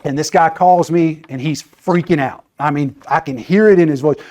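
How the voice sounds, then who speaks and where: A man's voice: on the high side, normal speed, warm tone. A man giving a casual training talk, chatty and conversational, often checking in with "right?". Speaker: training presenter.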